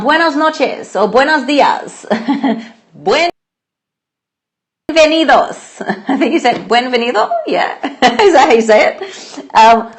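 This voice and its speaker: A young Australian woman, a nutritionist, chatting bubbly on a live stream, laughing often and greeting viewers. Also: fairly high pitch. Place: home, at night.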